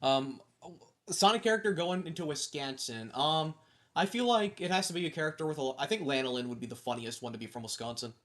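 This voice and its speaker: A man's voice: a little high, lively intonation, fairly bright tone. A teenage man hosting a casual podcast, moving the conversation between questions. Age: teens. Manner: moves the questions along, quick laughs. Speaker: podcast host.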